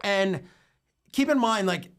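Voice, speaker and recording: A young man, an entrepreneur guest on a casual podcast, tells stories while rambling, swearing, and leaning heavily on filler like "like." His voice is high-pitched and expressive, slow with vocal fry and a fairly bright tone.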